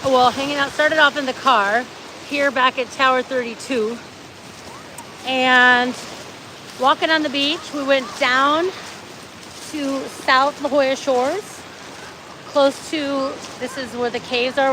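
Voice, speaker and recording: Upbeat lady vlogging live on a beach walk, higher voice, loud surf noise behind. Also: fairly even intonation, slow. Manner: chatty, upbeat, addresses viewers directly. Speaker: livestream host. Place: outdoors on a beach. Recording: outdoor phone audio with loud surf noise. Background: surf and wind noise.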